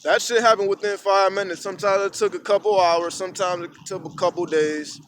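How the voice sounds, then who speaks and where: This high-pitched man talks fairly quickly to a phone held at arm's length, vlogging outside as the sun comes up. He rambles, curses, and tells stories with lots of animation. There's slight background noise.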